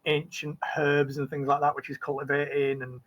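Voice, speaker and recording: Rambling game master. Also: male voice, a little high, monotone, normal speed, a bit bright, muffled recording. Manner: rambling, full of fillers and restarts. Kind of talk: narrating a tabletop game.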